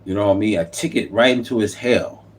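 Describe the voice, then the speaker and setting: A man's voice: on the low side, fast talker. Impassioned man preaching a political rant. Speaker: YouTube commentator. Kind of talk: unscripted political monologue.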